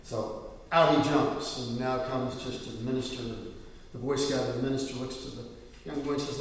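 A man preaching a sermon as pastor, reading scripture and then telling stories in a relaxed way with fillers. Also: medium pitch, normal speed. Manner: conversational storytelling with fillers. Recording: echoey church hall from far off.

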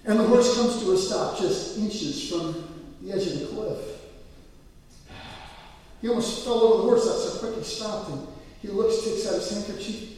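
Male pastor, sermon storyteller who builds to loud peaks; slightly high voice, distant mic, long church reverb. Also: normal speed, pauses often. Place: church sanctuary. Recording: echoey hall, mic from afar.

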